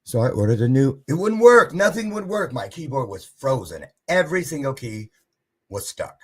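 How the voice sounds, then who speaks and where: A man with a husky, slightly rough voice hosts his live-stream show. He tells a rambling personal story, and his pitch swings widely as he acts out each quoted voice. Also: very animated, normal speed. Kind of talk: casual storytelling monologue.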